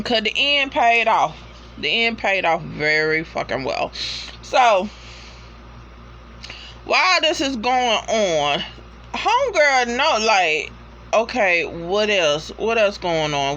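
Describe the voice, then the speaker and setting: Woman reviewer, casual profane recap, bright and lively voice, unhurried delivery, faint hum behind. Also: mid-range voice. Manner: animated storyteller, slangy and profane, acts out reactions. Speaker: TV episode reviewer.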